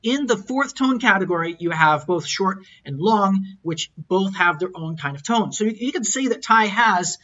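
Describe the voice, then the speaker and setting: A man's voice: high-pitched, lively intonation, normal speed, few pauses, bright, forceful tone, dull audio. A man teaching a recorded lecture, explaining and repeating words as he models tones aloud. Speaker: language teacher.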